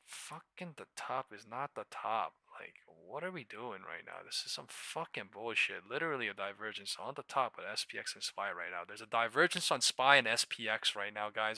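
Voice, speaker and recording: A man's voice: fairly low pitch, expressive, a little fast, hardly any pauses, bright, forceful tone, dry recording. A man giving live market commentary as a trading streamer, talking in exasperated, profane mutters that break into sudden outbursts.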